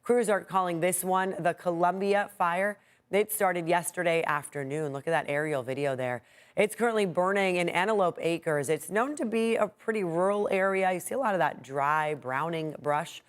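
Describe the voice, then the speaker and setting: Brisk woman anchoring morning news. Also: fairly low pitch. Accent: American. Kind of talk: news reading and light chat.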